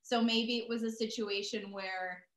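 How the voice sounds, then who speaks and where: A voice actress in her thirties, appearing as a guest, chats casually over a video call with plenty of fillers and self-deprecating asides. Her voice is a little high, steady, fairly bright, and a little slow, and the recording has a roomy echo.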